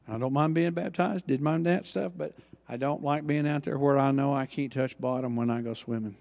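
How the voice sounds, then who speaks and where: A man preaching a sermon, acting out Bible dialogue with lively emphasis. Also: medium pitch, moderate pace, creaky, in a large hall. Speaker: pastor.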